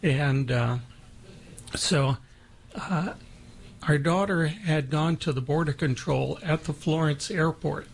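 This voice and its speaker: A man guest on a radio show, telling a personal story in a halting way with many fillers. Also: fairly high pitch, gravelly, slightly rough.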